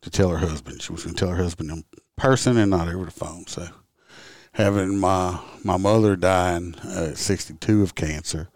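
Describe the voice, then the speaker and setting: A man's voice: sits low, a little mellow, no room sound, clean studio sound. A man who hosts a podcast and works as a traffic officer, telling stories in a casual, rambling, blunt way with the odd curse word. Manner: rambling, blunt, occasional swearing. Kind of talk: casual storytelling monologue.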